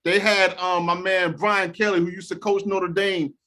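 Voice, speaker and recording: A man co-hosting a sports podcast in casual, animated talk over a remote call, acting out mocking quotes. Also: high-pitched, moderate pace. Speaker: podcast co-host.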